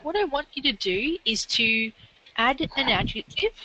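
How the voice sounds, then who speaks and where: A woman's voice: high voice, expressive, a little slow, sharp tone, highs cut off, slight background noise. A woman tutoring a learner in literacy, explaining grammar step by step and encouraging them. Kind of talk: one-on-one literacy lesson.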